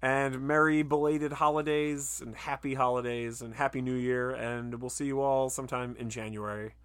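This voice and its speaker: A man's voice: medium pitch, steady tone, normal speed, clean tone. Laid-back male podcast host. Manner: loose and joking, with frequent laughs and fillers. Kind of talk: casual podcast sign-off.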